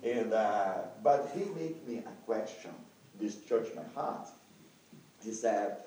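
An evangelist speaking alone shares an animated testimony with an audience, unhurried, in halting non-native English, breaking into high, excited exclamations across wide pitch swings. His tone is dark and mellow. The recording is distant, with heavy echo and a faint background hum.

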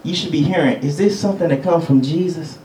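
A man's voice: a little high, fast, mellow, far from the mic, a little hiss or hum. Man teaching in an echoey church. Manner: conversational, chuckles between points, calls for amens. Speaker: preacher. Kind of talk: teaching sermon. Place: church sanctuary.

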